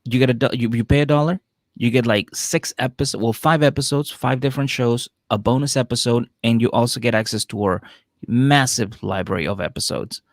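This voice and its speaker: Guy with a gravelly lowish voice rambling on a podcast, laughs a lot, dry close mic. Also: fairly quick, dry recording. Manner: loose and rambling, with frequent laughs and filler words. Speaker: comedy podcast co-host. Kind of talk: casual chat recapping a reality show.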